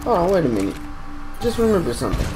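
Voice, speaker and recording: A young man giving excitable live commentary while playing a game, exclaiming and talking to himself. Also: a little high, quick pace, music in the background, rough recording. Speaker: gaming streamer.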